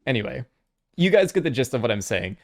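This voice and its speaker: Animated, swearing young male streamer. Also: medium pitch, fast talker, creaky. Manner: animated, swears freely, laughs often. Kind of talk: casual live-stream reaction chat.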